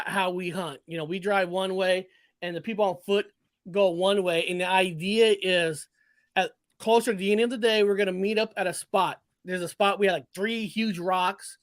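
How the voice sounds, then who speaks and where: Animated, profane man telling a story. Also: sits high, no room sound. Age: 40s. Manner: animated, profane, restarts and self-corrections. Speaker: guest. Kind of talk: casual storytelling.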